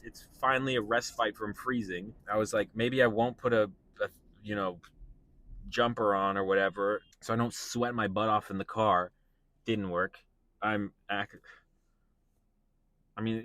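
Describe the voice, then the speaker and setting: A young man, a stand-up comedian, talking casually and incredulously to himself while driving in his car. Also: lowish voice. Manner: animated, incredulous, mimics voices.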